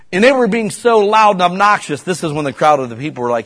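A husky, breathy male preacher tells stories in a sermon in a relaxed, chatty way. When a point lands, his voice climbs sharply and grows louder and more fervent. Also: fast, few pauses. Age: adult parent. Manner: storytelling, climbing high and loud when stirred.

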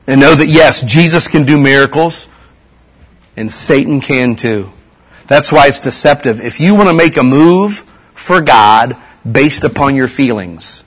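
A man's voice: on the high side, fairly bright tone, slightly rough, poor audio. A man preaching a sermon in a conversational way, asking his audience rhetorical questions.

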